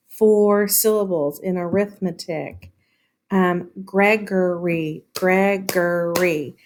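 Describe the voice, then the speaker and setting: A woman teaching a lesson, explaining patiently and sounding words out slowly, with frequent "um" fillers. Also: on the low side. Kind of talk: classroom lesson on syllables.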